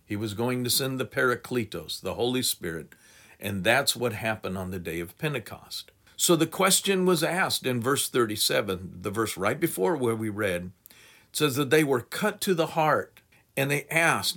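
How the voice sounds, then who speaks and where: A man's voice: medium pitch, expressive, a little slow, fairly bright tone. A man giving a methodical teaching sermon, working through numbered points and reading scripture aloud. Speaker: Bible teacher.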